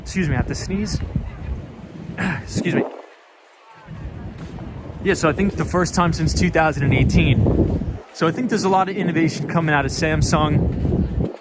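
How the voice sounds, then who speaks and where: A man's voice: fairly high pitch, moderate pace, long pauses. Chatty man streaming from city streets. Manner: chatty, reads viewer comments aloud and answers them. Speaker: live-stream host. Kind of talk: casual live-stream chat. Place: outdoors on busy city streets. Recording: city street noise behind. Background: city street traffic noise.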